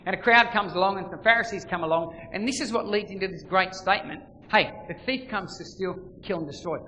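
A bright, forceful male preacher delivers a sermon in a large hall. His voice sits a little high, rising to loud emphasis and dropping to near-quiet asides. The room adds a long reverb tail with faint ambience underneath. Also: fairly quick, a little hiss or hum. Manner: dramatic swings between loud emphasis and quiet.

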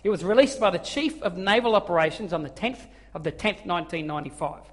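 A man preaches with a very high-pitched voice, bringing his stories to life by acting out the quotes. His sermon rings with a long reverb, as if he is in a large church hall. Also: fast. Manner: animated storytelling with acted-out quotes. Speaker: pastor.

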